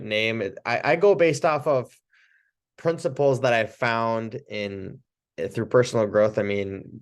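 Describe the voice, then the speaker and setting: A man teaching a casual training session, talking loosely with restarts and short laughs. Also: on the low side. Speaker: chiropractic trainer.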